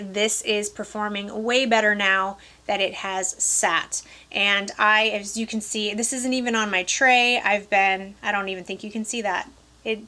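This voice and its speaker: Bright-voiced chatty woman from Michigan's Upper Peninsula. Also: medium pitch. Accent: Upper Peninsula Michigan (Yooper). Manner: chatty, enthusiastic, addresses viewers directly. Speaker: perfume vlogger. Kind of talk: casual product review to camera.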